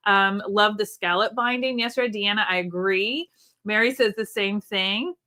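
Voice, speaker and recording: A woman's voice: medium pitch, normal speed, pushed and bright. A woman hosting a live online sewing event, chatting with viewers and demonstrating products with frequent ums. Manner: chatty, friendly, with frequent ums, reading chat comments aloud. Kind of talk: live-stream product demo. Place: indoors at a sewing desk in Nashville, under an air-conditioning vent.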